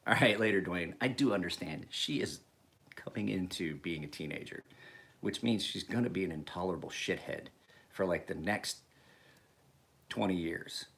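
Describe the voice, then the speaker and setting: A man's voice: deep voice, normal speed, creaky, a bit bright. A man in his forties rambling casually to camera, swearing freely and chuckling as he tells stories. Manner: profane, chuckling, rambling storyteller. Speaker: knife sharpener vlogger.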